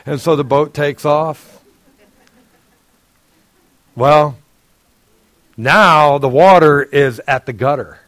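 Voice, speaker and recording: A man, a pastor, giving a sermon in a casual, conversational storytelling way, often clearing his throat and laughing with the congregation. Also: on the high side, slow pace, long pauses, fairly bright tone, dry recording.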